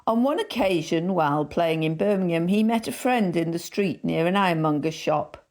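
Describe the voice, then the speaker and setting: A woman reading old magazine jokes aloud in a measured storytelling manner. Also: lowish voice, animated, a little mellow. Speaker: reader.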